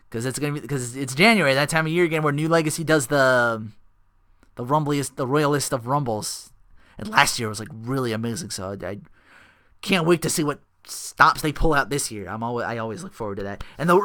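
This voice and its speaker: A man's voice: mid-range voice, a bit bright, dry recording, studio quality. A man hosting a casual wrestling recap podcast into a home microphone, rambling and profane, laughing often. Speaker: podcast host.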